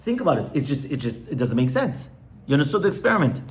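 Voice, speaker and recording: A man's voice: fairly high pitch, very animated, fast. A man, a rabbi, teaching an informal class to a live audience in a conversational way, often stopping to ask his listeners questions.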